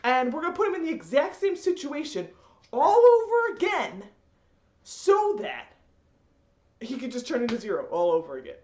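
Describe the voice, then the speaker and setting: A woman's voice: high voice, wildly swooping pitch, normal speed, a little mellow. Woman doing a smug scheming emperor dad, bouncy voice, echoey room. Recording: echoey room, slightly dull.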